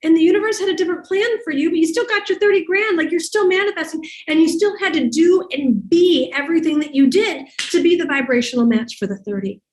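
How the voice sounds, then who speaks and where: Animated woman with a roomy echo. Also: extremely high pitch, fast, few pauses. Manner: animated, emphatic, conversational. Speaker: host and life coach. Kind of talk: storytelling talk to an audience.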